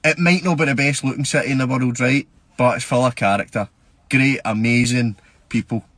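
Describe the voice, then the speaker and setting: A man's voice: mid-range voice, steady tone, brisk, fairly bright tone, no echo. A man giving a playful opinion in a social media clip, tripping over his words now and then. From Scotland.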